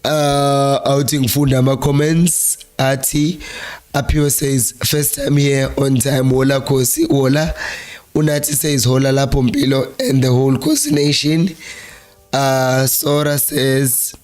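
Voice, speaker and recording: A hoarse South African man with a flu-worn voice, hosting a live-streamed football chat in a Zulu-accented mix of English and Zulu and reading viewer comments aloud. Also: mid-range voice, unhurried, darkish tone, soft background music. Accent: South African, Zulu-speaking. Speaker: fan channel host.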